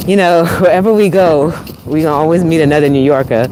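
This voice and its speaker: Live-streaming while out on a walk near traffic, a Caribbean-born woman raised in New York, who has a New York accent, gives an upbeat, encouraging motivational talk as a speaker and host. She is chatty, laughs often, calls out to viewers, and uses rising exclamations. Her low-pitched, warm voice moves fast with hardly any pauses, and there's a little hiss or hum.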